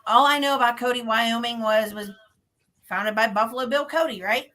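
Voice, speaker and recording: A woman's voice: a little high, normal speed. A woman hosting a show, telling a story in casual chat and acting out her own reactions. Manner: animated, acts out her own reactions in quotes. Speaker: podcast host.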